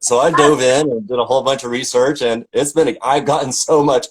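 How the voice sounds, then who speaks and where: This middle-aged Tennessee opera singer talks at normal speed with a medium pitch and few pauses, spinning stories in a casual chat peppered with fillers and restarts. The audio is poor, with a little hiss or hum.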